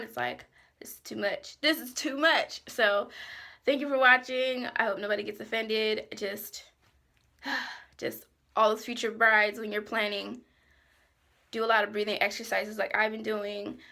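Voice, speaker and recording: A woman's voice: fairly high pitch, creaky, pushed and bright. A woman in her twenties venting frankly to camera as a stressed vlogger, exasperated and chatty. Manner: frank, exasperated, lots of "like" and "you know".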